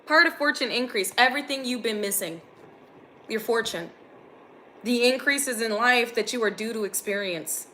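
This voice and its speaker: A woman's voice: fairly high pitch, normal speed, bright, forceful tone, slight background noise. A young woman giving an earnest, intense channeled spiritual reading to her viewers. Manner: earnest, intense, gets emotional. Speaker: spiritual reader.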